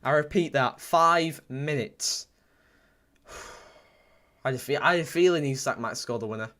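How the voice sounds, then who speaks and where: Quick and mid-range, the voice belongs to a young fan who streams live football commentary. He reads his chat out loud and goes over the same lines again, getting excitable and shouting at the standout moments.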